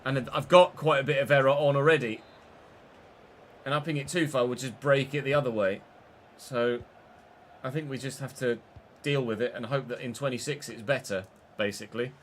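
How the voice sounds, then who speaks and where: A young man streams his football career game, talking casually over the action. He jumps from loud bursts at goals to low, half-muttered asides. A faint background hum sits under his voice. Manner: chatty, swings between excited shouts and muttered asides. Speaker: gaming streamer. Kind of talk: live game commentary.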